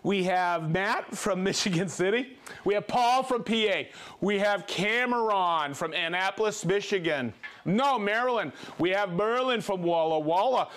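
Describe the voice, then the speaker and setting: A man hosting a livestream, reading out viewer shout-outs in a playful, jokey way and laughing easily. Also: high voice, a little slow. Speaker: host.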